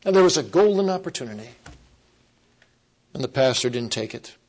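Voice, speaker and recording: A man preaching a sermon, earnest and emphatic, repeating key phrases and slowing down to stress them. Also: medium pitch, lively intonation, a little mellow, poor audio.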